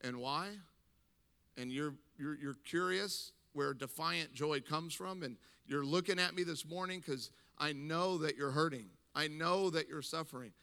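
Here the same middle-aged pastor speaks at a measured pace, his slightly high voice bright and forceful, creaky yet clear and resonant. Shifting from scripture readings to emphatic, conversational remarks aimed at the congregation, he delivers his sermon.

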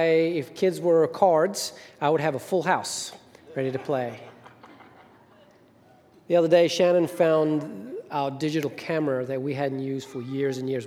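Middle-aged male minister, storytelling sermon, slightly high voice, long hall reverb. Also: a little mellow. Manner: storytelling, acts out quoted voices. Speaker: senior minister. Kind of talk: sermon with anecdotes. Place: church hall.

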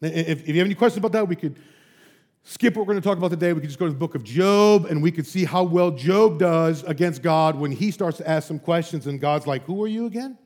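Brief: preacher with a high voice, lively storyteller, chatty asides. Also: male voice, fast. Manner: animated storytelling, frequent asides. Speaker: pastor. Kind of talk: sermon.

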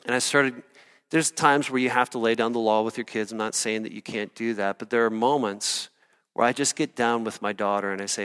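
A man's voice: mid-range voice, a little fast, clean tone. Preaching man in a reverberant hall. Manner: earnest, animated storytelling with audience asides. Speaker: pastor. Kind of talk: sermon.

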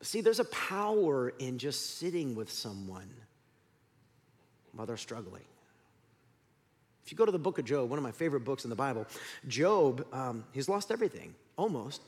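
A man's voice: mid-range voice, sing-song, normal speed, pauses often. A middle-aged male pastor preaching a candid, self-deprecating sermon full of stories. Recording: long hall reverb.

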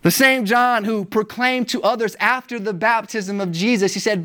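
A pastor preaching a sermon, building emphasis through repeated rhetorical questions and shifts in pitch and volume. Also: moderate pace, hardly any pauses, fairly bright tone.

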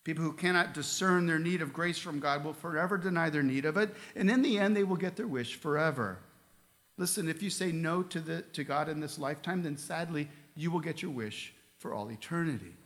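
A man's voice: a little high, a little fast, a bit bright. A male pastor preaching a sermon in a church, reading scripture aloud and asking the congregation earnest questions. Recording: long reverb of a large hall.

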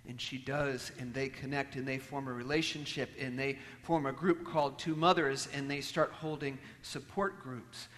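A man delivers a sermon as a storyteller, his voice at an ordinary middle pitch. He pushes some lines out loudly and lets others fall to a near-whisper. A long reverb hangs on his words, as if from a large church. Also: fairly even intonation, moderate pace, hardly any pauses. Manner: storytelling, swings from loud emphasis to hushed near-whispers. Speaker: preacher.

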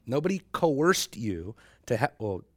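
A man's voice: medium pitch, big pitch swings, measured pace, no room sound, clean studio sound. A man teaching a Bible class in a conversational lecture, joking with and teasing his students and laughing often.

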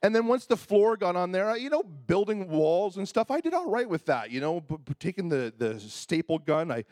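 Pastor in his fifties, comic self-deprecating storyteller, a little high-pitched, close and dry. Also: very animated, normal speed, darkish tone, no room sound. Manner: self-deprecating, humorous, acts out quoted voices. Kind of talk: storytelling sermon.

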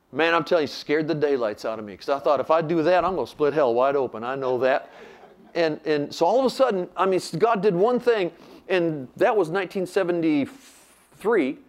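Man, older, preacher, sermon storytelling, acts out quotes, fairly high voice.

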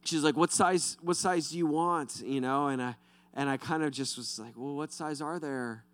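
A young man preaching a sermon, telling animated, self-deprecating stories. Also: on the high side, moderate pace. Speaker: pastor.

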